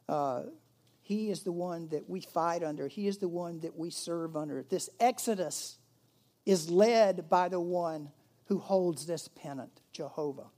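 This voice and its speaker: Male pastor, mellow tone, conversational sermon with loud peaks and soft drops. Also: fairly high pitch, measured pace. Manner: conversational, with emphatic rises and hushed drops.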